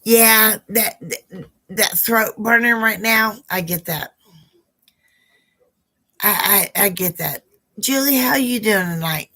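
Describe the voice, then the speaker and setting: Hoarse woman hosting a psychic stream. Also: medium pitch, takes it slowly, long pauses, bright, forceful tone. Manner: chatty, affectionate, greets viewers by name. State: hoarse, rough voice. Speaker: psychic live stream host. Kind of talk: live stream Q&A chat.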